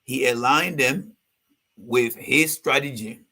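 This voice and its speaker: A man's voice: medium pitch, slow, sharp tone. A man who hosts a political show, commenting on a speech he has just played and talking straight to his listeners. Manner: explanatory, talks straight to listeners.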